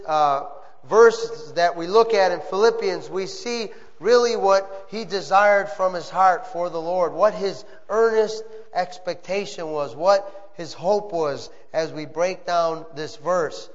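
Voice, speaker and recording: High-voiced preaching man, reverberant hall. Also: slow. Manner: earnest preaching with call-and-response amens. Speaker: pastor. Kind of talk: sermon. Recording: muffled sound with long reverb.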